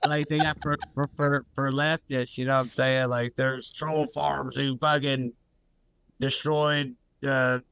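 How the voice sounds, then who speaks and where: Bright-voiced man rambling in slangy chat. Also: medium pitch, little pitch movement, unhurried, vocal fry, clean tone, dry recording. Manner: rambling, slangy, lots of "you know what I'm saying". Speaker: podcast co-host. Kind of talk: casual chat.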